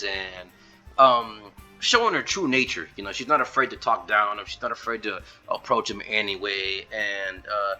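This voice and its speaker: A man's voice: fairly low pitch, sharp tone. A man casually recapping a story in a loose, rambling way full of fillers, as a video reviewer.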